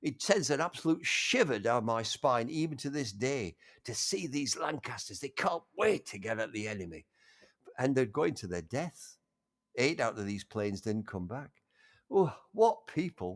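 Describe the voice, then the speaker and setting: Older man reminiscing with halting enthusiasm. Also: mid-range voice, big pitch swings. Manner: halting, restarts often, warmly enthusiastic. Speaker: interview guest. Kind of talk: casual reminiscing conversation.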